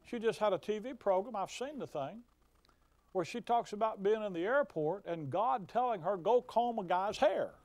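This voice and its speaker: A man's voice: high voice, animated, normal speed, no room sound. A man preaching a fiery sermon, folksy and emphatic, with mocking asides.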